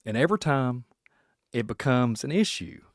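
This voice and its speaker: Excitable Kentucky man podcasting. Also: mid-range voice, normal speed, dry recording, clean studio sound. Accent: Kentucky Southern American. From Kentucky, USA. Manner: excitable, laughing, puts on silly voices. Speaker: podcast host. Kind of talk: rambling solo podcast monologue.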